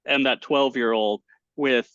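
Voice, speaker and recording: A man, a poker commentator, telling stories in a casual interview over a video call, animated and full of fillers and restarts. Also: medium pitch, measured pace, dry recording. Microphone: webcam setup at home. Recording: dull, dry lo-fi call audio.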